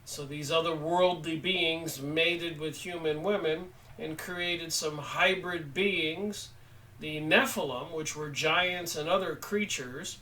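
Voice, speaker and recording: A man giving an unhurried spoken book review, halting often with pauses as he talks. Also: a little high, bright, forceful tone, distant mic, a little hiss or hum, poor audio. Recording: voice set back from the mic.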